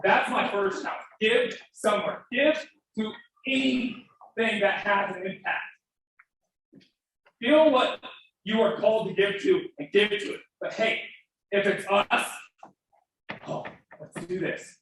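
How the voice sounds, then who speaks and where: A man's voice: high voice, lively intonation, unhurried, long pauses, a bit bright. Fervent man in an echoey hall. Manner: fervent, emphatic, breaks into emotion. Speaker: fundraiser speaker. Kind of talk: live fundraising appeal. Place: event hall. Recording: very echoey hall, distant, faint noise.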